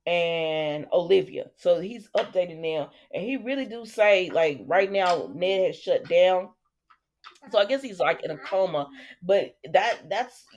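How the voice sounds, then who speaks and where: A woman hosting a casual soap opera recap, chatty and sassy, talking back to the characters. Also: lowish voice.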